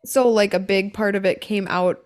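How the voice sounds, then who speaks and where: A woman's voice: medium pitch, steady tone, moderate pace, a little mellow, clear, resonant tone. A woman hosting a podcast who asks curious follow-up questions during an interview. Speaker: podcast host.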